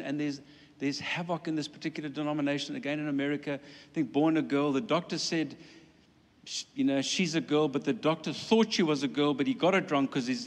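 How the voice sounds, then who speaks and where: A man preaching a sermon in an animated way, with playful asides and acted-out quotes. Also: fairly high pitch. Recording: long hall reverb.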